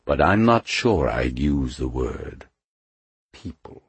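A suspicious, grim-edged leader of the underground, speaking in a silky hiss, as a male audiobook narrator voices him. His voice sits higher than the narrator's own, husky and slow. The delivery is dry and close, an audiobook character. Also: very animated, dry recording, exaggerated voice. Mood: hushed. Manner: silky hissing voice.

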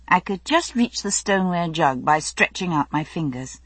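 A woman reading a first-person novel aloud as an audiobook narrator, measured and even. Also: lowish voice, slightly rough, no echo.

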